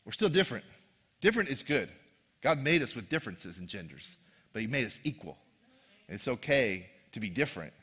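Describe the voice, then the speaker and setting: Joking pastor in a reverberant hall. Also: male voice, mid-range voice, sing-song, fairly quick, a bit bright, husky. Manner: casual, joking, conversational preaching. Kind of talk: sermon. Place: live church service.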